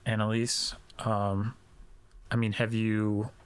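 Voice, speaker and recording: A man voicing a calm male chaplain who asks gentle, measured questions in a tabletop game. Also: lowish voice, smooth. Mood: probing.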